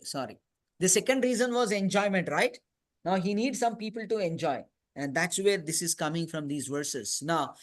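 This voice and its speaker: A man's voice: high voice, fairly bright tone. A man teaching a youth scripture class in a conversational storytelling manner, often adding "you know" and "right?". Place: temple hall.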